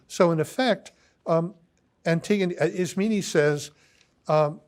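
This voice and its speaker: A man giving a philosophy lecture, pausing often with ums and restarts as he reads quoted lines aloud. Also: fairly high pitch, fairly even intonation. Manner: halting, many ums and restarts.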